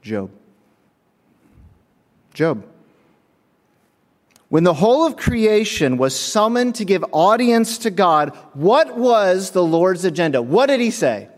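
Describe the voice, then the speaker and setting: Man, preacher, lively swooping delivery, slightly high voice, sermon storytelling, long church reverb. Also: slow pace, pauses often. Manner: animated storytelling, acts out voices, chuckles often. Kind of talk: sermon with humorous anecdotes. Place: church sanctuary.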